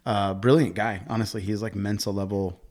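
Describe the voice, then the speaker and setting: Gravelly-voiced man telling animated stories. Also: lowish voice, a little fast. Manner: animated storyteller, laughs often, many "like"s. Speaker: actor, podcast guest. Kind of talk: casual podcast chat.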